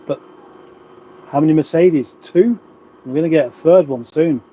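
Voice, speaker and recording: A man's voice: fairly high pitch, moderate pace, dark tone, poor audio. A middle-aged man from England hosting a casual livestream, rambling on and reading viewer comments aloud. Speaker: livestream host. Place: home room, indoors.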